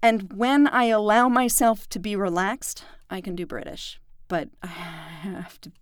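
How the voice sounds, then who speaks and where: A woman's voice: medium pitch, fairly even intonation, measured pace, no room sound, studio quality. A female audiobook narrator chatting casually on a podcast, candid and self-deprecating, laughing easily.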